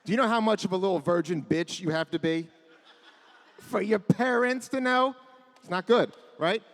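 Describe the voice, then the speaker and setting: A man's voice: sits high, normal speed, long reverb tail. A man in his thirties doing a self-deprecating stand-up set on a club stage. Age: 30s. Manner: self-deprecating, acts out his parents' voices. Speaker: stand-up comedian. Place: comedy club stage with a live audience.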